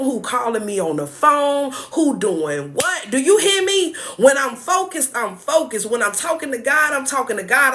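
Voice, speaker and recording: Casting: woman, mindset coach on a live stream, bright and fairly high, lively and chatty. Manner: lively, thanks viewers by name, mixes scripture with chat. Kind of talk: casual live-stream chat.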